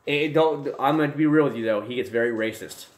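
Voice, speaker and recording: A young man hosts a casual livestream from a room at home. He rambles through viewer comments, stumbles and restarts his sentences, then jumps into loud, excited bursts. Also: medium pitch, a little fast. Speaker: livestream host. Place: home room with desk and gear.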